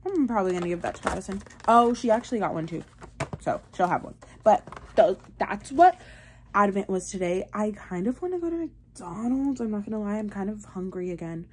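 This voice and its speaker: A woman's voice: mid-range voice, expressive, brisk, slight background noise. A young woman, chatting playfully to the camera in a casual vlog. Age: young adult. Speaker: vlogger.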